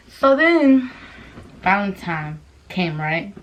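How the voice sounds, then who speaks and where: A woman's voice: medium pitch, takes it slowly, a little hiss or hum. A young woman telling a story in a casual vlog, swearing constantly and acting out the voices of the people in it. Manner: profane, animated storytelling with quoted voices. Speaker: vlogger.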